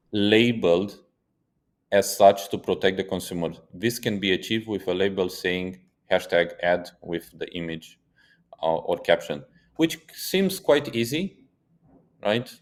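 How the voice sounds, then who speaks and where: A man co-hosting a casual podcast, telling stories in an animated way and swearing for emphasis. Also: lowish voice. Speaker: podcast co-host.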